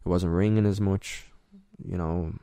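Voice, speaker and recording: As a podcast guest, a young Irish man shares personal stories in an interview, candid and emotional, often stopping partway through a thought. His low, mellow voice holds a steady tone, recorded close and dry with no room sound.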